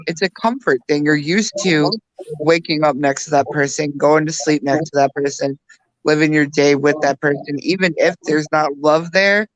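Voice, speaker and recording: A woman's voice: low-pitched, fairly even intonation, moderate pace, no echo, low-quality recording. A woman in her thirties co-hosting a casual podcast chat, rambling with restarts and fillers. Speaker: podcast co-host.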